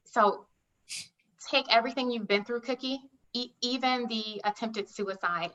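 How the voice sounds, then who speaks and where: A woman's voice: mid-range voice, sharp tone, dull audio. A woman on a group video call, earnestly offering faith-based encouragement and advice. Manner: earnest and exhorting. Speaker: community member on a video call.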